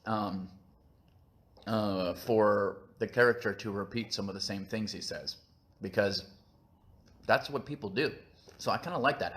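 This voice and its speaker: A man with a fairly low voice rambles through a casual live stream, goofy and self-mocking. He talks while eating, recorded on a phone, and wanders loosely from thought to thought. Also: bright, forceful tone. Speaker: channel host.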